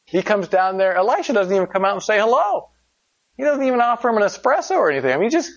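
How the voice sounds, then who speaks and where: Casting: high-pitched male pastor, lively storytelling sermon, slightly dull lo-fi recording. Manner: conversational preaching, rhetorical questions, animated storytelling.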